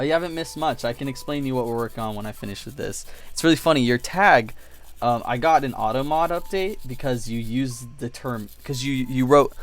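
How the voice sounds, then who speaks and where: Rambling, animated male streamer. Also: mid-range voice. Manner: rambling storytelling, acts out voices and sounds, swears freely. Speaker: livestreamer building models. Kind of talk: casual livestream chat. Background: faint music playing.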